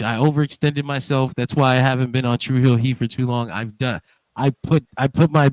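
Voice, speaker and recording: A man's voice: medium pitch, no echo, low-quality recording. A man appearing as a guest on a podcast over a call, talking in a loose, joking, profane way. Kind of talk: casual podcast chat.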